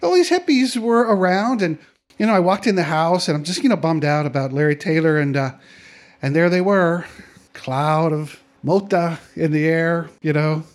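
A middle-aged man tells a personal story in a fairly high voice. He keeps it conversational and lively and slips into the voices of the people he quotes. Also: moderate pace.

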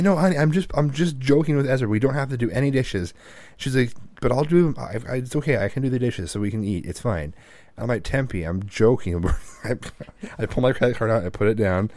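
A man's voice: medium pitch, fairly quick, darkish tone, no echo. A man in casual chat, a father telling family stories and acting out what his kids said. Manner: storytelling, quoting family members. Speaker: podcast co-host, father.

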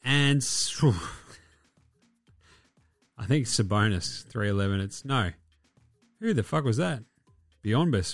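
A man's voice: mid-range voice, no echo, clean studio sound. An Australian man hosting a basketball podcast, chatting casually in a jokey, rambling way with plenty of swearing. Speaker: podcast host.

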